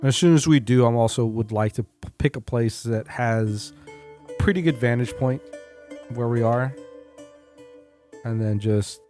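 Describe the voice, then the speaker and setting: A man playing a tabletop game, talking in a lively, joking way. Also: medium pitch, measured pace, long pauses, soft background music. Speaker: player.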